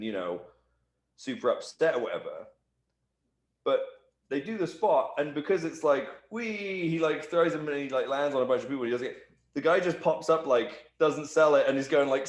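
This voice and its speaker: A man giving a shoot interview, telling a backstage anecdote with lively, acted-out quotes. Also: medium pitch, normal speed. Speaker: interview guest, wrestler. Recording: echoey room.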